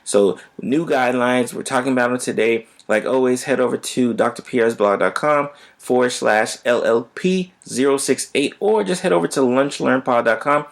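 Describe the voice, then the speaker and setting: A man's voice: mid-range voice, normal speed, vocal fry, few pauses. A man who is a physician, hosting a health podcast in a casual, conversational way and often checking in with "right?".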